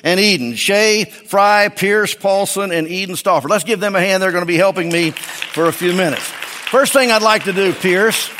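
In a church, a pastor with a fairly high, bright, forceful voice preaches at a moderate pace, joking with his congregation in a folksy way. The audio carries a large hall's long reverb along with a little hiss or hum.

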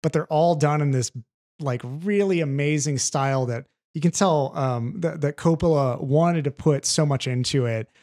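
A man co-hosting a film podcast in casual chat, animated and rambling, swearing freely. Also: a little high, moderate pace. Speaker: podcast co-host reviewing films.

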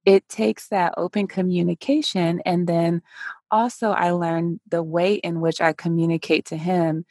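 A woman's voice: fairly low pitch, steady tone, measured pace, warm tone, no room sound, clean studio sound. A woman hosting a casual interview over a call, talking animatedly and acting out quoted dialogue. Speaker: podcast host. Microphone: remote call recording.

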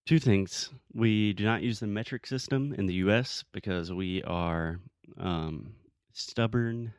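A man's voice: fairly low pitch, slow pace, dry recording, studio quality. A young man teaching English in a casual chat, patiently correcting mistakes and explaining grammar rules. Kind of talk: casual podcast lesson.

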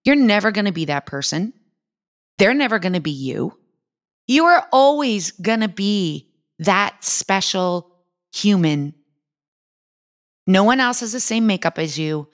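A woman's voice: medium pitch, animated, measured pace, pauses often. A woman in her fifties, a fitness trainer and host, talking candidly and with lots of animation, swearing freely and acting out her own inner voice. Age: 50s. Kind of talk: casual motivational monologue.

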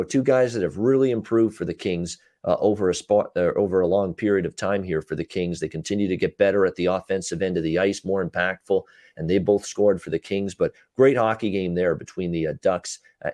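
A man with a North American accent and a lowish voice breaks down last night's games. He talks casually, filling gaps with "uh", and the sound is dry and close. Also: darkish tone, no echo. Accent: North American English. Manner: quick recaps with frequent "uh" fillers. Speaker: podcast co-host, betting analyst. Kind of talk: casual sports betting chat.

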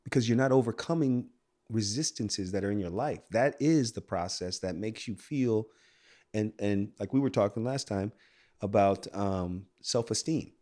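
A man's voice: on the low side, moderate pace, darkish tone. A man co-hosting a podcast, talking casually and building on his partner's points. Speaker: podcast co-host. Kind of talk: casual chat.

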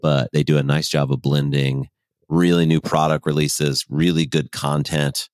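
A man's voice: extremely low pitch, little pitch movement, moderate pace, no echo, studio quality. A man co-hosting a podcast in casual chat, rambling and agreeable, often correcting himself mid-phrase. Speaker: podcast co-host.

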